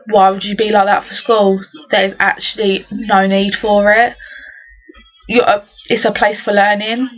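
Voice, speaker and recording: Teenage girl, exasperated slangy storytelling, casual vlog rant, dull lo-fi recording. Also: medium pitch. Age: teens. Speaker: vlogger. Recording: dull lo-fi webcam audio.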